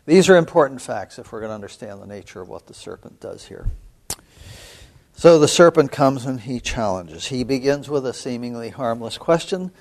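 A man lecturing as a seminary professor on scripture, measured and thoughtful, with frequent pauses and an occasional throat-clearing. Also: fairly low pitch, a little mellow. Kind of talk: biblical studies lecture.

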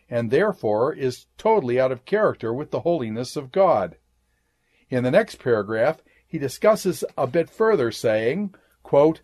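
Guy teaching a bible class, steady mid voice, says quote end quote a lot. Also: mid-range voice. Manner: measured, says "quote" and "end quote" around citations. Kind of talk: lecture reading scripture.

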